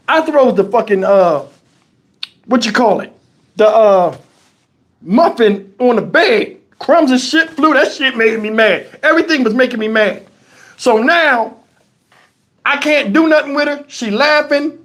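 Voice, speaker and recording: Middle-aged guy ranting on his livestream, cussing a lot, worked up and animated. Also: high-pitched. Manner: animated, profane, exasperated storytelling. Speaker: YouTube channel host. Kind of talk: casual livestream storytelling.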